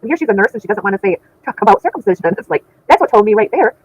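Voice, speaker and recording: A woman's voice: mid-range voice, lively intonation, rapid-fire, muffled recording. A middle-aged woman hosting a casual livestream, chatting with viewers in an indignant, laughing way. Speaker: channel host reading chat.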